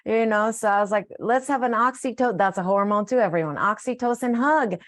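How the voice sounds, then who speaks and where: A woman's voice: mid-range voice, fairly quick. A middle-aged woman, a wellness coach, telling a heartfelt, rambling story on a recorded live call, often restarting her sentences.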